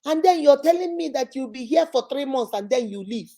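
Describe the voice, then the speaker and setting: A woman's voice: high voice, animated, a little fast, warm tone. A middle-aged Nigerian woman hosting a casual vlog, telling stories with laughter and rhetorical questions. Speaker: host.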